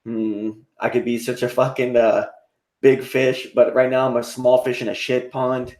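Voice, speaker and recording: A man's voice: medium pitch, level tone, moderate pace, darkish tone. A man hosting a live stream, ranting in a casual, preachy, profane way and getting worked up.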